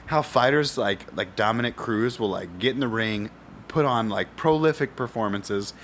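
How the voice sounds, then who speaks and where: A man's voice: lowish voice, normal speed, fairly bright tone, a little hiss or hum. A man co-hosting a podcast in playful, casual chat, often laughing. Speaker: podcast co-host.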